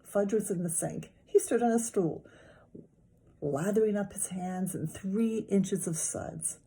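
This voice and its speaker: A woman teacher reading a children's novel aloud with lively, expressive storytelling. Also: mid-range voice, a little slow, slightly rough.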